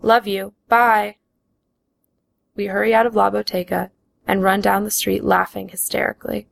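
A woman reading her own memoir aloud in the first person, slow and even. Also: medium pitch, gravelly, poor audio.

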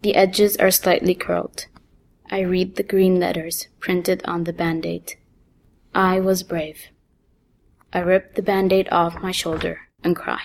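Woman author reading her story aloud, lowish voice, very slow, calm first-person narration. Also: creaky.

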